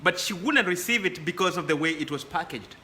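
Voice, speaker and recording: A man's voice: high voice, lively intonation, brisk, pushed and bright, roomy sound, slight background noise. A man talking as a guest in a casual chat, often repeating words as he builds his points.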